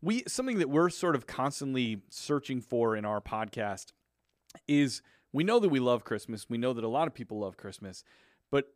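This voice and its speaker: A man's voice: mid-range voice, sing-song, moderate pace, no echo. Give me a male podcast host asking eager questions in a dry, close recording. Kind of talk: casual interview chat. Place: studio in Southern California.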